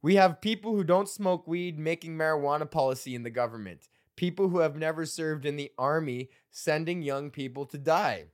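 A man's voice: on the high side, normal speed, few pauses. A man in his thirties hosting a solo comedy podcast, reading out old jokes, rambling and swearing, laughing at his own material.

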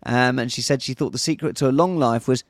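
A man with a Northern English accent, co-hosting a podcast in casual chat, animated and jokey. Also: mid-range voice, quick pace, dry recording, clean studio sound. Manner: animated, jokey, reads news aloud in bursts. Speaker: podcast co-host.

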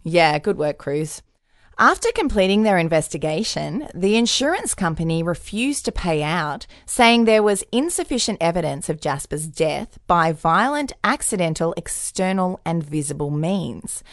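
Woman, podcast co-host, casual true crime storytelling, punny jokes, low-ish voice, very animated pitch, dry close sound. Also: normal speed, no room sound. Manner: jokey, punny, lively storyteller.

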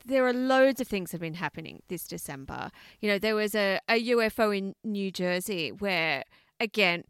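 Bright, animated woman podcaster. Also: medium pitch, clear, resonant tone, no room sound. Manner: lively, laughs often, excited storytelling. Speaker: podcast co-host. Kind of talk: casual chat.

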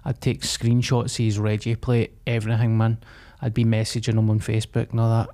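A young Scottish man bantering on a casual podcast. His voice is dark and mellow, and he throws in jokey, sweary threats for laughs. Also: on the low side, monotone, brisk, few pauses. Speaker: podcast co-host. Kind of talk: casual chat.

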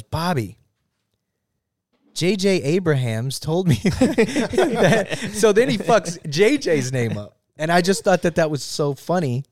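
A man in casual interview chat, an animated storyteller who swears and laughs often. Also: mid-range voice, no echo, clean studio sound. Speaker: guest musician.

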